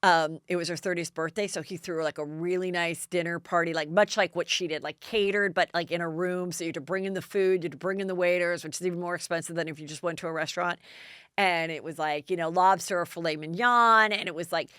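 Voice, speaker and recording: A woman host in casual gossip chat with a low, smooth, resonant voice. She tells stories with lively, jumpy quoted voices. The sound is dry and close. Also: fast talker, no echo. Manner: chatty storytelling, acts out quotes with big pitch jumps. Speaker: podcast host. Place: Los Angeles.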